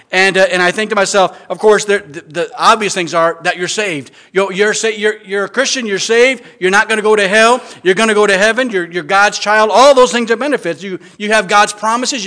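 A man's voice: high-pitched, pushed and bright. A middle-aged man preaching an earnest sermon as pastor, with frequent stammering restarts and emphatic rises.

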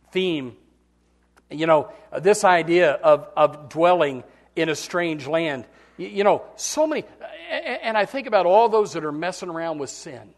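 A male pastor with a notably high voice delivers a sermon. He sinks to near-whispered pleading, then climbs into loud, shouted passages. His talk is full of restarts and repeated words.

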